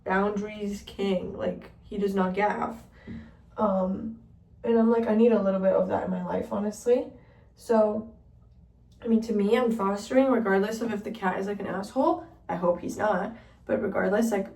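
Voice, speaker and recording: A woman's voice: medium pitch, vocal fry, darkish tone. A young woman vlogging in a casual chat, rambling through a story and filling it with "like". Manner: chatty, heavy use of "like", rambling storytelling. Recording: roomy sound from a distance.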